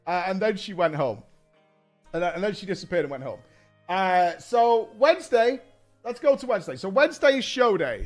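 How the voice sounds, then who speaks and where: A man chats to his stream audience in a high, very lively voice, telling a story and acting out the people in it. He swears freely as he goes. Faint music plays softly behind him. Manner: animated, swears a lot, acts out quotes. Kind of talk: casual storytelling to stream chat.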